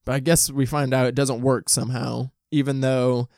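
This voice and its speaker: A man's voice: mid-range voice, flat delivery, normal speed, vocal fry, a little mellow, dry recording, clean studio sound. A man casually talking through a film review, chatty and enthusiastic with frequent ums and likes, at home. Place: home, dog nearby.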